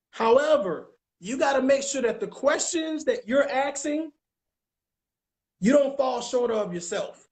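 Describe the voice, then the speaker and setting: A man coaching on relationships in casual chat, emphatic and repetitive, often checking that listeners follow. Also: sits high. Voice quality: emphatic, repeats phrases, keeps asking if you understand. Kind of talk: casual advice talk.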